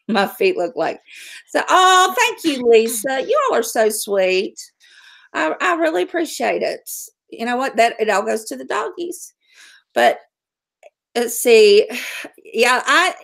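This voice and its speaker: A woman's voice: sits high, animated, moderate pace, vocal fry, fairly bright tone. A middle-aged woman hosting a casual livestream, talking bluntly, swearing freely and laughing often. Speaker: livestream host.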